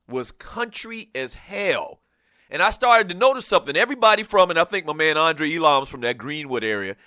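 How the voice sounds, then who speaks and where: A man from Lowcountry South Carolina hosting a radio show, rambling through a chatty, laugh-filled monologue. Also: pushed and bright, no echo, clean studio sound. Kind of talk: casual talk radio monologue.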